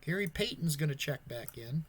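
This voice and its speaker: A man's voice: on the high side, animated, normal speed, a little hiss or hum. Man calling basketball play-by-play. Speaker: play-by-play commentator for a simulated game. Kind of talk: sports play-by-play commentary.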